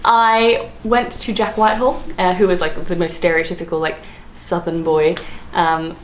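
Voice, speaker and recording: A woman's voice: lowish voice, flat delivery, moderate pace. Chatty Australian woman in an echoey room. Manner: chatty, filler-heavy, laughs often. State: hungover. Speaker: travel vlogger. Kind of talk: casual vlog chat. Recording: roomy echo, faint background noise.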